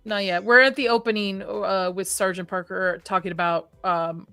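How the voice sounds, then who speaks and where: Woman, livestream host, bright voice, chatty, reads chat aloud, dry close sound. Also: medium pitch, steady tone, normal speed, no room sound. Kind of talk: casual live discussion.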